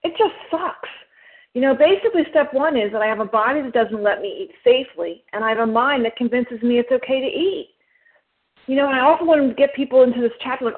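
Higher-voiced woman with a New Jersey accent, emphatic and quick, sharing at a recovery meeting over the phone. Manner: emphatic, fast-talking, explains step by step. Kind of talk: personal share at a recovery meeting. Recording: phone line.

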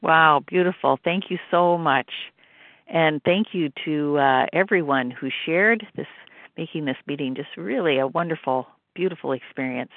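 A woman's voice: sits low, normal speed, dry recording. A woman chairing a support meeting, graciously thanking each speaker and calling on the next. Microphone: phone call. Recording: dry tinny phone line.

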